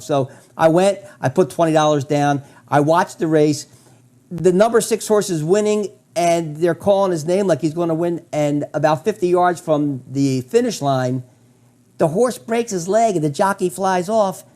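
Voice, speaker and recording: Man, fairly high, dark-toned, enthusiastic storyteller, restarts a lot. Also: moderate pace. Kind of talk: storytelling in conversation.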